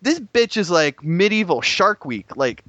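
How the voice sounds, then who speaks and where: A young man gushes about video games in a rambling, profane, excitable way. His voice sits a little high and sounds dry and close, with no room around it. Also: unhurried, dry recording. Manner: excitable, rambling, swears a lot. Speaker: gaming podcast co-host. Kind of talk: casual profane chat.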